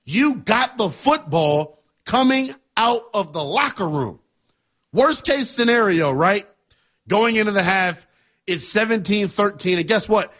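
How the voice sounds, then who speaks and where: A man's voice: high voice, expressive, a little slow, fairly bright tone. A man hosting a sports talk show, giving passionate, emphatic commentary in a conversational way. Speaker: sports radio host.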